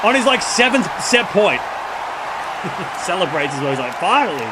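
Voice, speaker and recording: A man's voice: sits high, very animated, measured pace, over a noisy crowd, heavy background noise. A man commentating a tennis match live on stream, chatty and incredulous, laughing often and talking to his chat.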